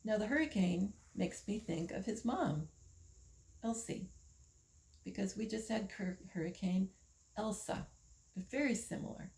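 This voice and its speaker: An older woman from the United States, talking slowly in a casual monologue, musing with pauses and fillers. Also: medium pitch, expressive, vocal fry, darkish tone, rough recording. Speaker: vlogger.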